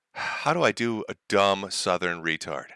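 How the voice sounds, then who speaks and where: Sarcastic male streamer, lively and bright. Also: deep voice, takes it slowly, creaky, smooth, dry recording. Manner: sarcastic, mocking, often laughing. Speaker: streamer host. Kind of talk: mocking livestream commentary.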